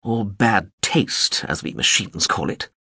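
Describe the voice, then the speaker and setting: A man's voice: lowish voice, takes it slowly, sharp tone, husky, no room sound, full character voice. A man voicing an ancient, dry-witted old drone that speaks in a wry, sardonic way. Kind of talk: audiobook character voice.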